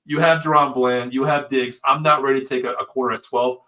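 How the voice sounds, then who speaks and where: Fast, bright-voiced man on a sports show. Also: mid-range voice. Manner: excitable storyteller, swears freely. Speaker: podcast co-host. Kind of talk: casual sports talk show chat. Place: live stream show.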